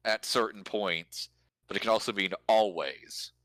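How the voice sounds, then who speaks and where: Speaking as a lyric and language helper, this man has a very low voice with a bright, forceful tone. In casual explanatory chat he goes on at length, stopping on fillers as he thinks out loud, and the audio is dry and close without room echo.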